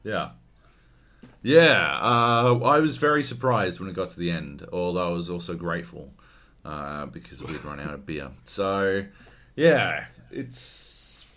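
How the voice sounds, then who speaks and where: Man, very low voice, lively pitch swings, casual swearing podcast chat. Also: a little slow. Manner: animated, swearing, laughs while ranting. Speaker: podcast co-host.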